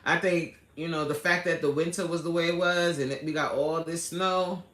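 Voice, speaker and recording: Casual woman streamer, lively and laughing, sharp bright tone in an echoey home room. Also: lowish voice, normal speed. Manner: animated and chatty, laughs a lot, slangy street talk. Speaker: livestream host. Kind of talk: casual live chat, reading out viewer comments. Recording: roomy echo.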